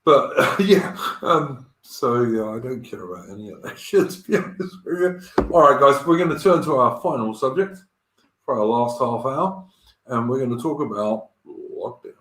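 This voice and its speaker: A man's voice: mid-range voice, expressive, normal speed, a bit bright, echoey room, rough recording. A man hosting a live stream in casual chat, talking bluntly and crudely and swearing freely. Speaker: stream host. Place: home in Australia.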